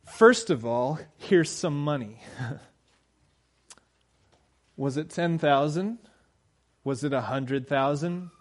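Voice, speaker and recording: Conversational preacher man, high-ish voice. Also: slow, pauses often. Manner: conversational, builds to emphatic peaks; acts out quoted voices of characters. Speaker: pastor. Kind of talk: sermon.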